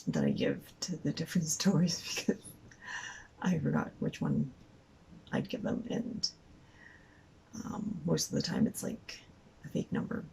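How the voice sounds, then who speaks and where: Low, gravelly woman rambling a story. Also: huge pitch swings, unhurried, pauses often, warm tone, slight background noise, rough recording. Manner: rambling, full of "like" and "um". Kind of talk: casual storytelling.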